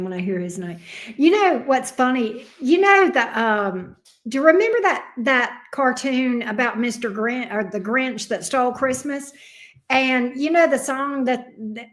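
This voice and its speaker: A middle-aged woman, chatting playfully with her viewers as a tarot reader and laughing often. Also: a little high. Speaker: tarot reader hosting a livestream. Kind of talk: casual chat with viewers.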